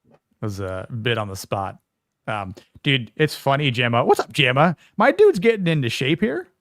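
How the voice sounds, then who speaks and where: A man's voice: medium pitch, very animated, moderate pace, a bit bright, dry recording, studio quality. A man from Florida co-hosting a livestream podcast, chatting casually and greeting viewers by name. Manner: laid-back, greets chat viewers by name. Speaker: podcast co-host.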